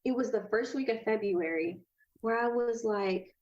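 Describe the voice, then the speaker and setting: A woman in her thirties, a podcast guest, telling a personal story in a casual, animated way, acting out quoted voices and laughing often. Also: a little high, normal speed, dull audio, slight background noise.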